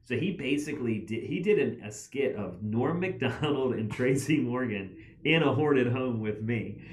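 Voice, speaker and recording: A man rambles through stories as a podcast guest, leaning on "like" and "man" as he goes. His pitch swings widely from line to line. The sound carries a roomy echo. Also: moderate pace. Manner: rambling, animated, heavy use of "like". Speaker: guest author. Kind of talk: casual podcast storytelling.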